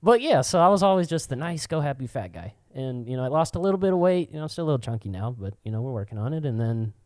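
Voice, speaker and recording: Brief: male podcast co-host, middle pitch, foul-mouthed rant, dry close sound. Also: expressive, fast talker, darkish tone, no room sound. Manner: profane, ranting storyteller. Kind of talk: casual podcast chat.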